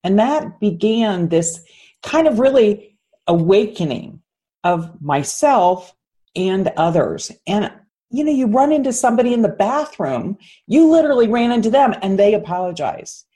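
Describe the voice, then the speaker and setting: A woman coach, a guest on an interview show, telling a story in an earnest, animated way. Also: medium pitch, measured pace, slightly rough. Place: Austin.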